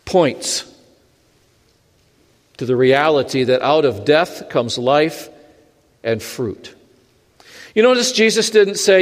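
A man preaching a sermon in a church, animated and dropping in dry humor. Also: fairly high pitch, takes it slowly, pauses often, big-room sound. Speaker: pastor.

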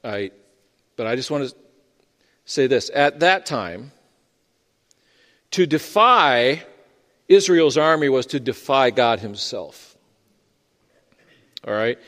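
A man's voice: mid-range voice, expressive, takes it slowly, pauses often, a bit bright. A man preaching a sermon in a conversational, storytelling manner, in what sounds like a church sanctuary. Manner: conversational and storytelling, with frequent fillers and restarts. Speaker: pastor. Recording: long reverb of a large hall.

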